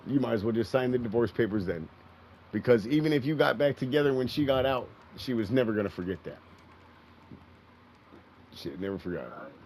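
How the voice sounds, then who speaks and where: A middle-aged man with a gravelly, creaky voice chats casually while playing a game, swearing freely and circling back over the same points. His voice sits at an ordinary pitch, with a faint hiss of noise behind it. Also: fast talker, darkish tone, poor audio. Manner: profane, rambling, repeats himself. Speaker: gaming streamer. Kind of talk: casual storytelling while gaming.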